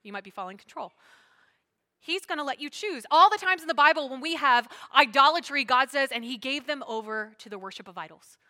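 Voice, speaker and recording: A woman pastor preaching a sermon, swinging between loud emphatic lines and hushed asides. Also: sits high, animated, fairly quick.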